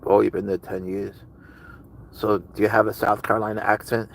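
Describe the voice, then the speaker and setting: A man's voice: on the low side, little pitch movement, moderate pace, gravelly, slight background noise, low-quality recording. A man hosting a casual livestream with his cat, rambling chattily and answering viewers' chat messages. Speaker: livestream host with pet cat.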